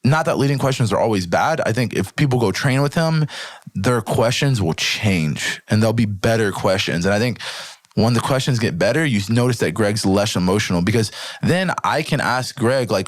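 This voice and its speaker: Low-voiced man telling lively stories. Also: moderate pace, dry recording, clean studio sound. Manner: animated storytelling with frequent swearing and "right?" check-ins. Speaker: podcast guest, grappler. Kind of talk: casual podcast conversation.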